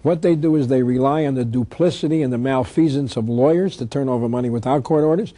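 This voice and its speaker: A tax protest lecturer, a man with a mellow mid-range voice, talks fast in a dry recording with no room sound. His instructional talk is emphatic; he reads statutes aloud and poses rhetorical questions he answers himself.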